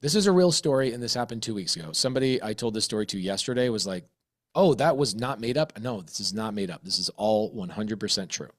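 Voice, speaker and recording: A man's voice: lowish voice, animated, fast talker. A man who is a real estate investor, telling a story in casual talk, acting out both sides of a conversation with blunt, profane energy.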